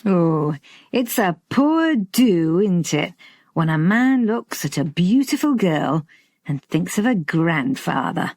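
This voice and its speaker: A woman's voice: fairly low pitch, big pitch swings, slow, a little mellow, dry recording, studio quality, full character voice. A woman reading an audiobook, voicing a blunt, teasing older man from Yorkshire with a Yorkshire accent. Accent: Yorkshire, as put on. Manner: bluff, teasing, plain-spoken.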